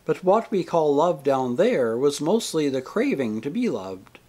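A man voicing a radiant, saintly woman spirit who speaks tenderly and with gentle teasing in a storybook reading. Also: on the high side, very animated, measured pace, breathy edge, full character voice. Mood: earnest.

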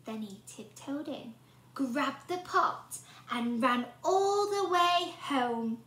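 A woman's voice: sits high, takes it slowly. A woman teacher reading a storybook aloud to young children and asking them questions along the way. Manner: animated, asks the children questions. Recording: roomy echo.

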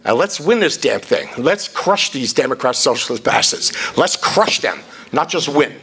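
A man's voice: medium pitch, sing-song, normal speed, bright, forceful tone, breathy edge. A man chairing a party event, giving a blunt, salty, off-the-cuff rally speech.

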